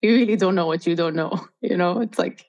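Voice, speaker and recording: A woman's voice: fairly low pitch, fast, a little mellow, muffled recording. A woman in her thirties, an interview guest, telling a personal story in an earnest, open and reflective way.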